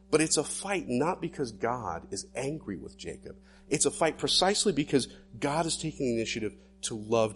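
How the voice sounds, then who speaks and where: Male pastor, lively sermon delivery, swings up and down in pitch, dramatic asides, faint guitar behind. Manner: animated, dramatic voicing of inner thoughts.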